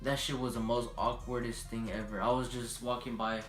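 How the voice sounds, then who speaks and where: A young man telling a story in a casual vlog, profane and animated, acting out every voice. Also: mid-range voice, normal speed, echoey room, soft background music.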